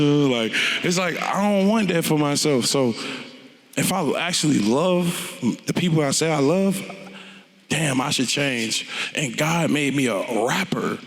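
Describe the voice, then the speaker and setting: A man, a rapper telling his story onstage in a blunt, profane and animated way. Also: a little high, unhurried, vocal fry, in a large hall, a little hiss or hum. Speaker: interview guest, rapper. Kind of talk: candid onstage conversation.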